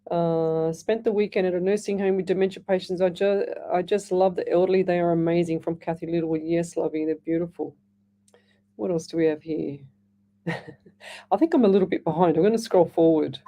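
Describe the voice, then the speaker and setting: A middle-aged Australian woman with a lowish, mellow voice hosts a live radio call-in show as a psychic medium. She talks in a loose, chatty way, reading listener messages aloud and doubling back on her own words. She calls her listeners "lovey.". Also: steady tone, fairly quick.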